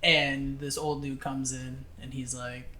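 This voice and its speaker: A young man with a bright, forward voice tells a story in a casual podcast chat. He laughs as he goes and acts out the people in it. The room adds a noticeable echo. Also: medium pitch, flat delivery, unhurried. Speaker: podcast co-host.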